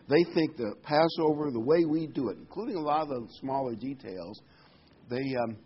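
Older male preacher, conversational sermon. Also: mid-range voice. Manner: conversational preaching with hesitant restarts. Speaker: pastor. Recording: dull lo-fi recording with faint noise.

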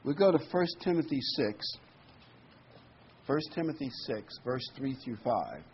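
Man, preacher, conversational sermon, slow emphatic scripture reading, dull lo-fi sound, faint hiss. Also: mid-range voice, big pitch swings. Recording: dull lo-fi recording with faint noise.

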